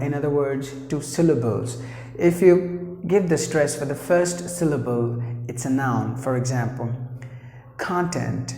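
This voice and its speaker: Male English teacher, Indian accent, slow and deliberate, repeats words, roomy reverb. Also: fairly high pitch, a little mellow. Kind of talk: explaining pronunciation to learners. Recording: echoey room with long reverb.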